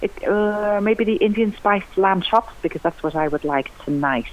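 A woman's voice: medium pitch, moderate pace, slight background noise. Chatty woman cook on lo-fi radio. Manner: chatty, enthusiastic, lively rising emphasis. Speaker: cookery writer and TV cook, guest. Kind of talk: radio interview chat. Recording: lo-fi radio broadcast.

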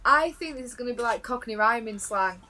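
A woman's voice: a little high, animated, fairly quick, sharp tone, slight background noise. A woman co-hosting a podcast in casual chat, giggly and often restarting her sentences. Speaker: podcast co-host.

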